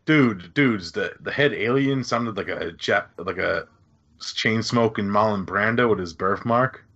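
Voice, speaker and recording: A man on a podcast panel, joking in a profane, animated way in casual banter. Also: on the low side, a little slow, dull audio.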